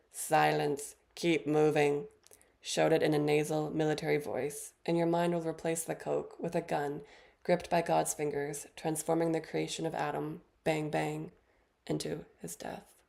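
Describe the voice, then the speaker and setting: A woman in her thirties reads her poems aloud in a low voice with a heavy gravelly fry. She introduces each piece briefly, then reads it in a measured, deliberate way. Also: dark tone. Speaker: featured poet. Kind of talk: poetry reading with spoken introductions.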